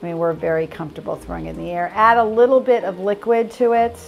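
A woman's voice: fairly low pitch, flat delivery, quick pace, vocal fry, highs cut off. A woman hosting a casual cooking demonstration, chatty and playful with upbeat asides. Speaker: cooking show host.

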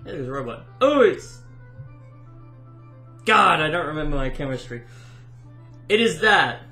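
A man giving casual let's-play commentary, excitable and easily amused. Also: on the high side, fairly quick. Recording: roomy echo with game music behind.

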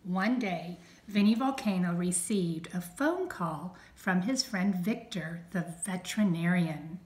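Slow, echoey teacher reading aloud. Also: female voice, on the low side, a little mellow. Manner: slow, clear, teacherly, stressing sounds. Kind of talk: reading a storybook aloud to children.

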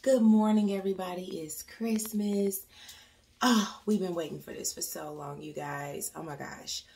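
A woman's voice: on the low side, fairly even intonation, moderate pace, a little mellow, a little hiss or hum. A young woman, a mother, chatting casually to her camera in a family vlog and often saying "you guys" and "y'all". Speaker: vlogger, working mom of three.

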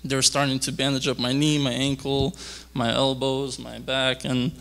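A young man giving a rambling personal testimony at a church youth conference, halting and full of fillers and restarts. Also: mid-range voice, little pitch movement, vocal fry, a bit bright. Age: young adult.

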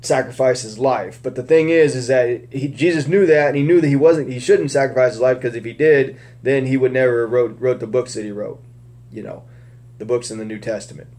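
A man's voice: medium pitch, brisk, darkish tone. A man giving casual Bible teaching, rambling with many restarts and fillers.

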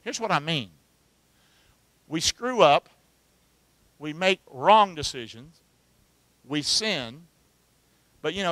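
High-voiced, bright preacher man. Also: animated, takes it slowly, long pauses, dry recording. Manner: call-and-response preaching, asks the congregation to answer. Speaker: pastor. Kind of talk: sermon.

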